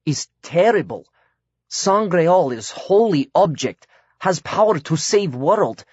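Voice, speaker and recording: A man voicing a solemn, earnest exiled foreigner who speaks slow, broken English. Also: a little high, big pitch swings, a little mellow, slightly rough, dry recording, pitched above the performer's own voice, exaggerated voice. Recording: dry, slightly dull audiobook recording.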